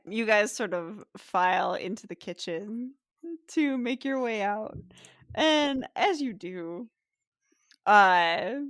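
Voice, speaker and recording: A woman game master narrating a tabletop game in a relaxed, unhurried way with frequent fillers. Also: medium pitch, no echo, studio quality.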